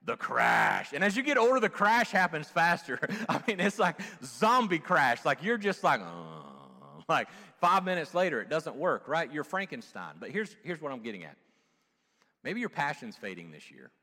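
A man pastor preaching a sermon, animated and humorous, with playful asides. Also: fairly high pitch, normal speed, vocal fry, big-room sound.

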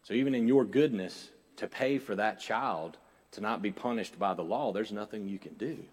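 A man preaching a sermon as pastor, swinging between loud urgent exhortation and quiet, conversational storytelling. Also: fairly low pitch, breathy edge, big-room sound.

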